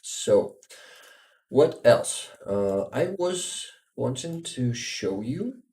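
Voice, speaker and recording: Slow, tired Ukrainian man on stream. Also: medium pitch, very animated, mellow. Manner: halting, searches for words, frequent restarts. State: exhausted. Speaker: livestream host. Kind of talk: casual livestream chat.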